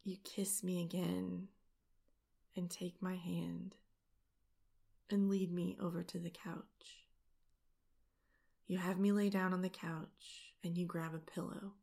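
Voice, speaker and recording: A woman telling an intimate first-person story as whispered role-play, in a soft, hushed voice. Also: lowish voice, level tone, slow pace, creaky, pauses often.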